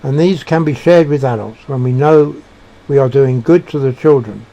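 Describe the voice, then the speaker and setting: Halting, mellow-voiced man musing aloud. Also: mid-range voice, lo-fi sound. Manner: halting, searching for words, many restarts. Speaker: speaker sharing personal beliefs. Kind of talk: reflective monologue.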